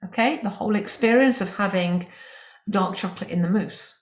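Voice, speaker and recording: A woman teaching French in an online lesson, explaining grammar with lively emphasis and spoken French examples. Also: medium pitch, moderate pace, reverberant.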